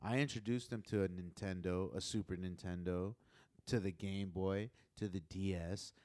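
A man hosting a podcast, chatting casually and telling animated stories with plenty of swearing. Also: sits low, normal speed, no room sound. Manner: swears freely, animated storyteller. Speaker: podcast host. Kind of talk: casual chat.

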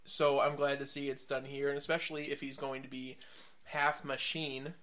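A man's voice: mid-range voice, level tone, normal speed, a bit bright. A man co-hosting a casual chat podcast, easygoing, with dry asides while going through a list of news items. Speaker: podcast co-host.

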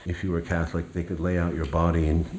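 An older man, a guest, reading from his memoir and talking in a slow, measured, hesitant way. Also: sits low, little pitch movement, a little mellow.

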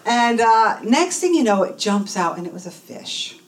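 Animated middle-aged woman telling a story. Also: fairly high pitch, normal speed. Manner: animated, acts out the voices in her story. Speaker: guest telling a personal story. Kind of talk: emotional personal storytelling. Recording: voice a bit distant from the mic.

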